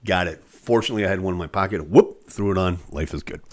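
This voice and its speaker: A man's voice: low voice, fast talker. A man hosting a live online show, chatting casually with viewers and going off on joking, rambling rants.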